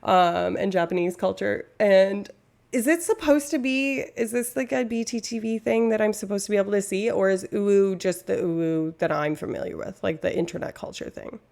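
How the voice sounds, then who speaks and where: A woman's voice: medium pitch, normal speed, vocal fry, darkish tone. A young woman from Canada chatting casually on a live stream, rambling and interrupting herself.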